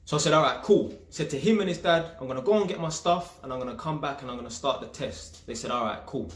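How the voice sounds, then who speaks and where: A fast talker with a medium pitch, this young Englishman sounds reverberant. He spins a casual, slangy yarn about his work as an electrician, animated and acting out each person he quotes.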